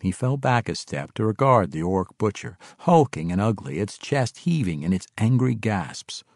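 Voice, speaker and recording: A low-voiced man reads a fantasy adventure aloud with lively, rising and falling delivery. The sound is close and dry, with no room around it. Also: moderate pace, gravelly, dry recording. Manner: expressive storytelling. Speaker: audiobook narrator. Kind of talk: scripted fantasy narration.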